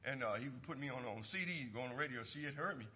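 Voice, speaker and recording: A preacher tells a folksy story in his sermon and rises to loud, emphatic points in the church. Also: mid-range voice, racing, breathy edge, long reverb tail. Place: church sanctuary.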